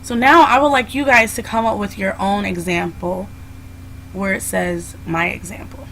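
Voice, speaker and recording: A woman's voice: medium pitch, steady tone, moderate pace, gravelly, a bit bright, slight background noise, rough recording. Patient woman teacher explaining grammar. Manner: patient, explains step by step with many "so"s. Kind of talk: classroom video lesson.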